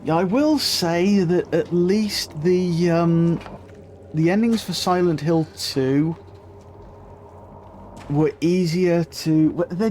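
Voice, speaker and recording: A man's voice: high-pitched, dark tone, a little hiss or hum. Chatty streamer man. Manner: chatty, casual swearing, talks to chat. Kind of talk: live gameplay commentary.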